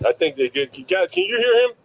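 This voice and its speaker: A man from Washington, DC hosts a casual livestreamed street interview outdoors, interviewing landlords and talking in a loose, rambling way with offhand swearing. His voice sits high and sing-song, and he talks fast. The recording is low quality, with slight background noise.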